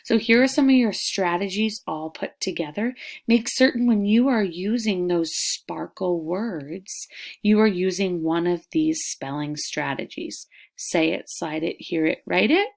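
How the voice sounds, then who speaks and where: A woman teaching a lesson to young children, stretching words out slowly and sounding them out in an encouraging classroom voice. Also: on the low side, vocal fry. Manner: slow, drawn-out syllables, modeling sounds out loud.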